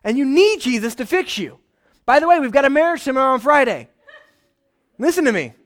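A pastor preaching a casual, animated sermon, often checking in with his listeners. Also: extremely high pitch, brisk. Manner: conversational, animated, frequent "right?" asides.

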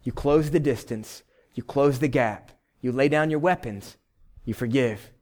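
A man's voice: medium pitch, unhurried, a little mellow. Emphatic male pastor preaching. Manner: emphatic, direct exhortation in short repeated phrases; conversational, checks in with "right?". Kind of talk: sermon.

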